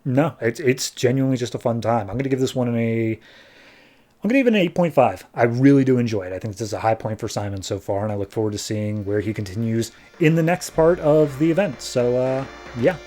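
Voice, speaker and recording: A man hosting a podcast, casually recapping a comic book issue and tossing in quick playful voices for the characters. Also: mid-range voice, expressive, mellow, faint music behind. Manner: retells scenes with quick playful quoted voices. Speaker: podcast host.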